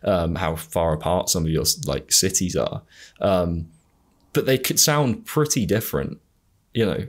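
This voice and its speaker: A man's voice: sits low, expressive, unhurried. A man with a generic Southern English accent hosting a podcast in casual chat, often trailing off with fillers. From England. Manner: hesitant, trailing off with many fillers. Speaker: podcast host.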